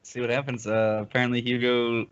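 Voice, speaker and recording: Mid-pitched guy bantering and teasing on a hockey game stream, muffled lo-fi sound. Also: level tone, fairly quick, noisy background. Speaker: league commentator and player. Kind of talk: casual live stream commentary. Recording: dull lo-fi stream audio.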